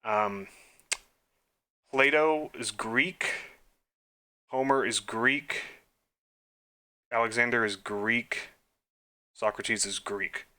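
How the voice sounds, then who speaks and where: Young man, bright sharp tone, mid-pitched, casual quiz commentary, mutters answers, self-deprecating asides. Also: extremely slow, long pauses. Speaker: quiz game let's player. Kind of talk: casual thinking-aloud gameplay commentary.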